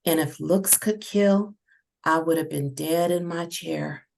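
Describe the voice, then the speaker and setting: A woman narrating her own story in the first person, in a steady, measured reading. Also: low voice, vocal fry, low-quality recording.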